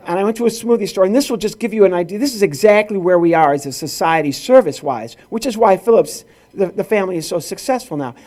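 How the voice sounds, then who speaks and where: A middle-aged man from rural Illinois, US Midwest, tells stories with acted-out dialogue in a stand-up set at a corporate event. His voice sits high and is a little mellow.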